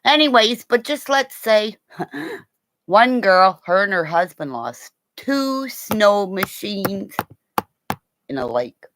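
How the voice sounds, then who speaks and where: Uma mulher com sotaque canadense numa transmissão ao vivo, falando deitada num celular, rindo e xingando, pulando de assunto em assunto. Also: female voice, mid-range voice, very animated, slow pace, a bit bright. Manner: giggly, swearing, jumps between topics and laughs often. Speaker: livestream host. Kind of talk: rambling livestream chat. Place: home, lying down. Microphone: phone held while lying down.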